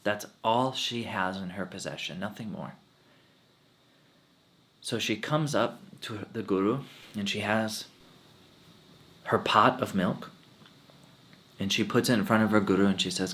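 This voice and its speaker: Man, monk telling a story, animated, emotional, bright, lowish voice. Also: a little slow, long pauses. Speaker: spiritual teacher, monk. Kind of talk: storytelling talk at a satsang.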